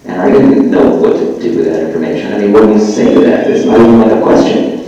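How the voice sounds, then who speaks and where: A man's voice: lowish voice, quick pace, dark tone, far from the mic, lo-fi sound. A man, a voice actor, chatting on stage and demonstrating voices mid-sentence. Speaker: voice actor guest. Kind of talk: live stage conversation. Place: live festival stage in a large hall. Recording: echoey hall, voice picked up from afar.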